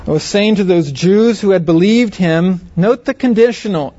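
A man's voice: sits high, lively intonation, moderate pace, few pauses, darkish tone, dull audio. A man giving a Bible lesson to a group, stressing key words and often checking whether his listeners agree. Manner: asks the audience questions, stresses words. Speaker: Bible teacher. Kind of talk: teaching sermon.

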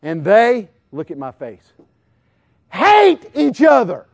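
High-voiced animated male preacher. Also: slow pace, gravelly, dry recording. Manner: animated, questions the crowd and acts out scenes. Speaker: evangelist preacher. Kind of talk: sermon.

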